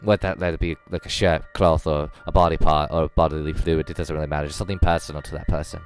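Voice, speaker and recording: A man's voice: very deep voice, flat delivery, fast talker, soft background music. A man voicing a courteous male tabletop game character in a put-on accent, speaking hesitantly with many fillers. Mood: polite.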